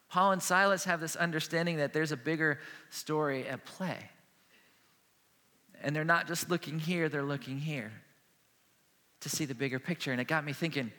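A man preaching a sermon as a pastor, earnest and conversational, speaking plainly about faith and struggle. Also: fairly high pitch. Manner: earnest, conversational preaching with a hushed closing prayer. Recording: long hall reverb.

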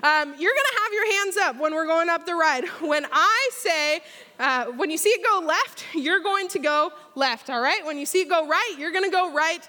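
Woman preaching in a big church, high bright voice, lots of hall echo. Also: normal speed. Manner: energetic, storytelling, leads the crowd in a pretend ride. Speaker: speaker at church. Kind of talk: sermon. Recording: long hall reverb.

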